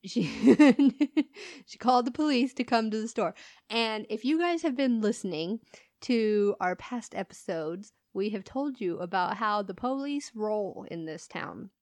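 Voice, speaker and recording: A woman's voice: mid-range voice, lively intonation, measured pace, a little mellow, no echo. A woman co-hosting a podcast, telling stories in casual chat, laughing often and swearing as she acts out the people in them. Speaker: podcast co-host.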